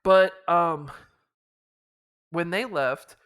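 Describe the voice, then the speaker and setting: Rambling, chuckling game master recapping. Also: male voice, a little high, extremely slow, fairly bright tone, smooth. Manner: rambling, chuckling retelling full of fillers. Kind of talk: casual campaign recap.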